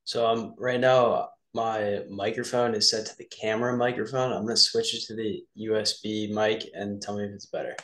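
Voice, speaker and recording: Relaxed, low-voiced male podcast host. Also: normal speed, few pauses. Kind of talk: casual chat.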